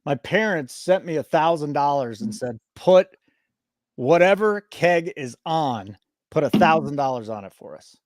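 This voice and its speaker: A man's voice: a little high, expressive, a little slow, no echo, studio quality. A man hosting a sports betting show, joking and mock-indignant in casual banter.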